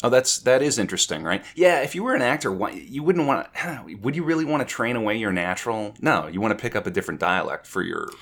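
A man's voice: on the low side, expressive, quick pace, few pauses, a bit bright. A man hosting a casual chat, easygoing and agreeable, often chiming in with "yeah.". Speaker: host.

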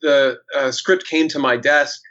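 A man's voice: medium pitch, steady tone, measured pace, bright, forceful tone. A man, an actor, telling a story in casual chat, with many fillers and restarts. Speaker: actor guest. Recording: dull lo-fi sound.

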